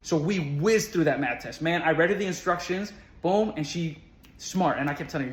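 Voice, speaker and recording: A man on school support staff tells a personal story, earnest and conversational, sprinkled with casual fillers. His voice sits on the high side and is animated, moving at a moderate pace against slight background noise in a roomy, echoing space.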